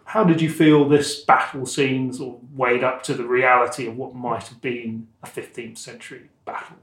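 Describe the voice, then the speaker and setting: Halting man hosting, echoey. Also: medium pitch, little pitch movement, a bit bright. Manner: hesitant, repeats words. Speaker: podcast host. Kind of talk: casual interview. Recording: roomy echo.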